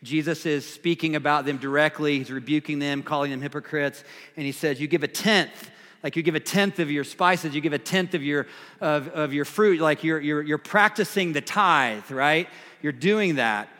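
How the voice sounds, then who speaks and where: A male pastor with a slightly high voice, talking a sermon through in a relaxed, conversational way with plenty of fillers and restarts. His voice rings with a long reverb, as if in a large hall. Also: moderate pace. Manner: casual, conversational, frequent fillers and repeated phrases. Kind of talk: sermon teaching through scripture.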